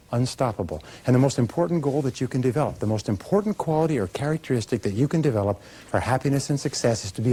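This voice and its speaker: A motivational speaker addresses a live crowd in a mellow, medium-pitched male voice, with slight noise in the background. He speaks emphatically, acts out small dialogues, and leads the audience in call-and-response.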